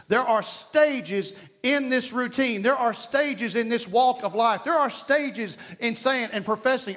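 A man's voice: very high voice, a little slow, hardly any pauses, fairly bright tone. A man with an East Texas accent preaching a sermon as pastor, emphatic and folksy, repeating key lines and telling jokes. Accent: Southern US, East Texas.

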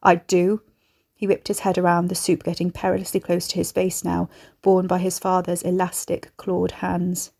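A woman reading a horror story aloud in a measured storytelling manner. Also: on the low side, monotone, gravelly, warm tone. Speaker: narrator. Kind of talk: scripted horror narration.

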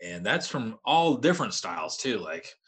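A man's voice: fairly low pitch, sing-song, normal speed, a bit bright, slightly rough. A man in his thirties, a podcast guest, telling stories in a rambling, laid-back way. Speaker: podcast guest, metal vocalist. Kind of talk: casual storytelling chat.

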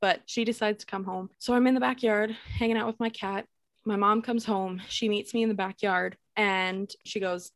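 A woman's voice: mid-range voice, brisk, no echo. Young woman telling a ghost story. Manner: animated, swearing, laughing while telling a ghost story. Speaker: podcast co-host. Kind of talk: casual storytelling.

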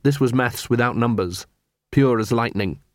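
A man narrating an audiobook in a measured, steady storytelling manner on a close studio mic. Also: medium pitch, no echo. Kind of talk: scripted narration.

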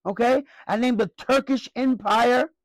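Man, pastor, sermon, high voice, dry close sound, emphatic questions to congregation. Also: a little slow, dry recording. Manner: emphatic preaching with call-and-response questions; wide swings between loud high bursts and low quiet asides.

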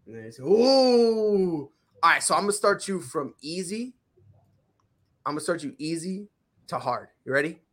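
A man co-hosting a podcast in casual chat, excitable and slangy, trash-talking his friend. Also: a little high, moderate pace. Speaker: podcast co-host.

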